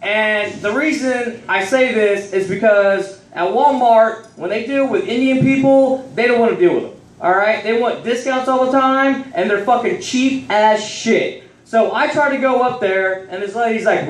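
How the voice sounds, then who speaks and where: A man's voice: sits high, moderate pace. A young man doing a loose, profane stand-up set on a comedy club stage, rambling through his stories. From Texas. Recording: roomy sound from a distant mic.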